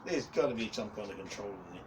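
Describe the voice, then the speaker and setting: A man's voice: on the low side, expressive, quick pace. A man in his forties who rambles and swears heavily in a casual rant as a YouTuber, often breaking into laughs. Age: 40s. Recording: distant mic with faint background noise.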